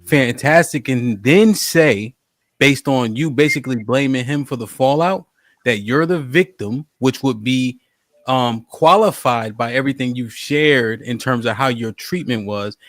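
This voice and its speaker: A man hosting a podcast panel, calmly laying out the argument and asking for calm. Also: mid-range voice, no room sound. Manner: measured, explaining, calls for calm. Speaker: podcast host moderating. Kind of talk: moderating a panel debate. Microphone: studio microphone.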